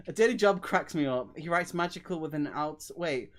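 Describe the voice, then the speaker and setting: Stream host for a read-along session, lively pitch, laughs often, rambles and mocks themself, slips into a soft low mutter. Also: a little slow, pauses often. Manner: giggly, rambling, self-mocking. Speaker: livestream host.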